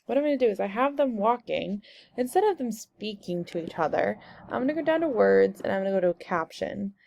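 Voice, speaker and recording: A young woman walking through a software tutorial step by step in a casual, explaining way. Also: mid-range voice, animated, a little fast, vocal fry, dry recording. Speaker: instructor.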